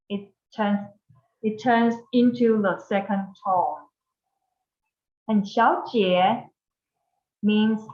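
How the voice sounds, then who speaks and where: A woman teaching a beginner Mandarin lesson in English, modeling each word slowly and carefully for learners to repeat. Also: mid-range voice. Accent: Taiwanese Mandarin. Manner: slow, careful modeling of words for repetition. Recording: echoey room, slightly dull sound.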